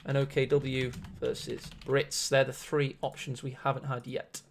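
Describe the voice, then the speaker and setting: A man's voice: mid-range voice, flat delivery, moderate pace, creaky, slight background noise. A man casting a strategy-game match on a live stream, chatty and rambling with self-mocking asides. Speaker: esports caster.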